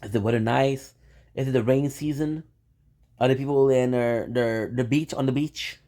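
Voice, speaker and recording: A man's voice: medium pitch, fairly even intonation, moderate pace, warm tone. Guy streaming, goofy rambly chat with viewers, medium voice. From Canada. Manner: playful, rambling, talks straight to viewers. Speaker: live streamer. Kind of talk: casual live-stream chat.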